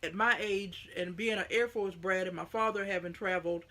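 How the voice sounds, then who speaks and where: A woman's voice: lowish voice, steady tone, a little fast, fairly bright tone. A middle-aged woman with a Southern US accent, chatting to camera in a folksy, rambling way on her own vlog. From United States. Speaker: vlogger. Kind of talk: casual chat to camera.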